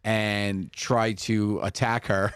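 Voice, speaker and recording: A man's voice: fairly low pitch, little pitch movement, very slow, a bit bright, clear, resonant tone, no room sound, studio quality. A man, co-hosting a podcast and telling family stories, laughing often and acting out the people he quotes. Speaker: podcast co-host. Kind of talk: casual chat, storytelling.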